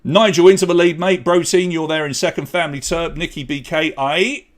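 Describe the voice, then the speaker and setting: A man's voice: fairly high pitch, fairly even intonation, fairly quick. Chatty man hosting a quiz. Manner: chatty, jokey, reads out scores. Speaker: quiz host. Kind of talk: live online pub quiz hosting.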